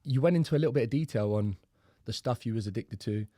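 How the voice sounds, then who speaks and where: A man's voice: mid-range voice, fast talker, warm tone, no room sound, studio quality. A young man with a London accent hosting a podcast in casual, blunt chat that is full of swearing. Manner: blunt, swears freely, loose and chatty. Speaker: podcast host.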